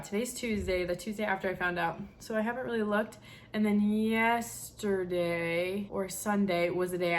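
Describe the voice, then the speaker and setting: A woman's voice: medium pitch, a bit bright. A young woman vlogger chatting casually and emotionally to camera, with plenty of fillers. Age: young adult. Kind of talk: casual chat.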